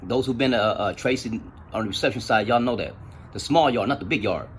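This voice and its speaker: A man telling stories in casual, profane street slang, with an animated retelling style. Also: mid-range voice, a little fast, a little hiss or hum. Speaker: storyteller. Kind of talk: casual storytelling.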